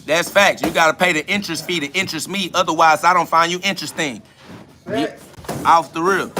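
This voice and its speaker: A man hosting a podcast livestream answers chat comments in a blunt, profane, confrontational, and preachy manner, repeating his points for emphasis. His voice is a little high, pushed, and bright.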